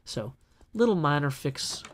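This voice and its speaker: A man's voice: fairly high pitch, big pitch swings, a little slow, a little hiss or hum. Chatty man narrating his building game. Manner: chatty and self-deprecating, jokey asides. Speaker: gameplay video host. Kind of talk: casual solo gameplay commentary.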